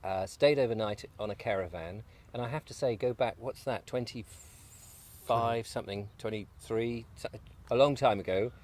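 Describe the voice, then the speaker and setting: A man's voice: mid-range voice, moderate pace, hardly any pauses, darkish tone. A man, a guest, chatting in a rambling, jokey way over breakfast on an allotment, sometimes with his mouth full. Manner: rambling, jokey, talks while eating. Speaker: guest, video maker. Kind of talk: casual outdoor chat. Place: outdoors on an allotment.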